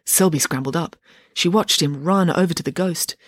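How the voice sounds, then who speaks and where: Author reads own book at home, husky voice, dry close sound. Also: medium pitch, normal speed, dry recording. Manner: expressive reading, chatty sign-off. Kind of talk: audiobook-style reading. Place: home office. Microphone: home setup.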